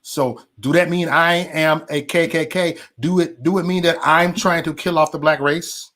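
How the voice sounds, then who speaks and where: Guy going off on his stream, cussing, repeating himself, stumbling over words, kinda high voice. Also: fairly even intonation, normal speed, a bit bright. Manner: emphatic, repetitive, stammering restarts. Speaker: livestream host. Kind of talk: heated profane rant to viewers.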